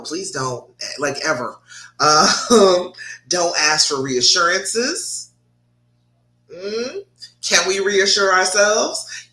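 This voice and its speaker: A woman's voice: on the low side, pushed and bright. A woman love coach giving frank, sassy relationship advice on a livestream and answering viewer comments. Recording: echoey room.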